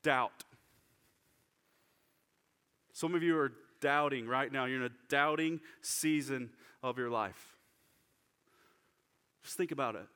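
A man preaching a sermon to his congregation, shifting from lively urgency to hushed, slow prayer. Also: mid-range voice, clean tone. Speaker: pastor. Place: church sanctuary. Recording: church hall reverb.

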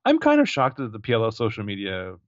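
A man co-hosting a podcast, recapping a TV episode with jokey asides and quick character impressions. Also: fairly low pitch, huge pitch swings, dry recording, lo-fi sound. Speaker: podcast co-host. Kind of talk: casual chat.

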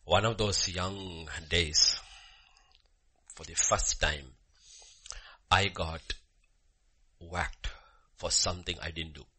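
A man preaching a sermon with a personal story, swinging from loud emphasis to hushed murmurs. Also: deep voice, fairly even intonation, slow pace, pauses often, breathy edge. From Bhutan.

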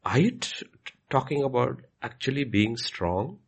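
Husky, gravelly man teaching. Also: mid-range voice, animated, normal speed. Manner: repetitive, emphatic, acts out quoted questions. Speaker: pastor answering questions.

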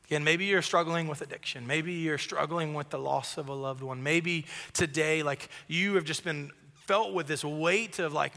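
A young man with a high, bright voice preaches an earnest, conversational sermon. His talk is casual and full of "like". He speaks in a large church auditorium, and a long reverb trails after each line. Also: moderate pace, vocal fry. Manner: earnest, casual, many filler "like"s.

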